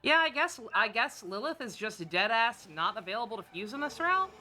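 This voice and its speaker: Woman streamer, very bright voice, sarcastic, swears a lot, excitable outbursts, faint music behind. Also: fairly high pitch, moderate pace. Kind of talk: casual chat over gameplay.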